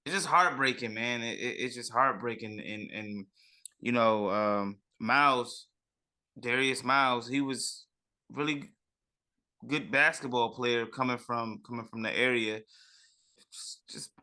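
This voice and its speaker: A man's voice: mid-range voice, a little slow, pushed and bright. A man co-hosting a sports podcast, talking casually and repeating himself, with "man" at the end of many phrases. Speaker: podcast co-host.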